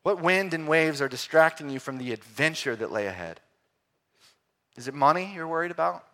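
A man preaching a sermon, swinging between loud emphatic lines and quiet, hushed ones. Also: fairly high pitch, lively intonation, moderate pace.

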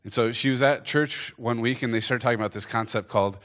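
A man preaching, telling a story and acting out the characters' lines with lively energy. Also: medium pitch, fast talker. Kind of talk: storytelling sermon.

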